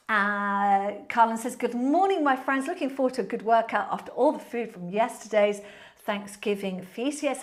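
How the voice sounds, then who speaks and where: A woman leading a live pilates class, encouraging and a little out of breath. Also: a little high. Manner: cheerful, encouraging cues. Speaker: pilates instructor. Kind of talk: live-streamed workout instruction.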